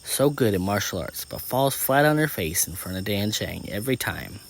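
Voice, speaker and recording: A bubbly, teasing teenage girl best friend, voiced by a man. She jokes loudly and pushes her voice up from a deep base. She is a figure in a spoken storybook. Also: expressive, normal speed, creaky, a little hiss or hum.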